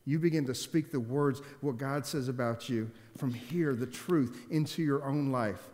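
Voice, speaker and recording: A man's voice: mid-range voice, a little slow, darkish tone. Emphatic preacher man in a reverberant hall. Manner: emphatic, repeats key phrases, asks the congregation questions. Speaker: pastor. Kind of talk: sermon.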